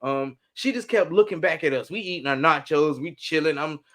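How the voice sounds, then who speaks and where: A man's voice: on the high side, brisk, fairly bright tone. A man from Mississippi, co-hosting a podcast in casual chat and ranting profanely with lots of energy. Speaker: podcast co-host.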